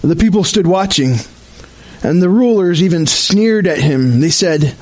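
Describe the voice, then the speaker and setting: High-voiced pastor reading scripture outdoors. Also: male voice, expressive, darkish tone, poor audio. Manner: slow, measured, solemn reading. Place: outdoor worship service.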